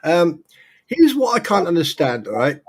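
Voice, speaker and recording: Give me a joking British co-host with a husky voice, rambling over a video call. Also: male voice, on the high side, wildly swooping pitch, moderate pace. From Britain. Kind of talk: casual online show chat.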